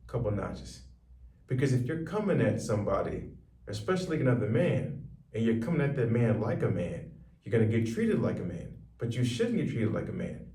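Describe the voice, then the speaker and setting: Male wellness coach, emphatic teaching monologue, mellow tone, heard from a distance. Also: medium pitch. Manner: repeats phrases slowly for emphasis. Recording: roomy echo, voice from far off.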